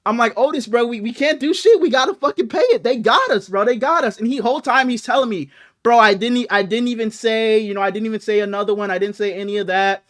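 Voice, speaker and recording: A young man with a notably high voice, chatting on a podcast as co-host. He tells stories animatedly and swears a lot, his speech loose and unscripted. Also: fast talker. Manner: animated, profane storytelling with acted quotes. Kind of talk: casual chat, storytelling.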